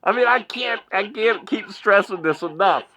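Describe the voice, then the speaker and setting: A man's voice: high-pitched, moderate pace, bright, forceful tone. A man giving mocking commentary in a vlog, laughing often and repeating phrases like a ring announcer. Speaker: online commentary vlogger.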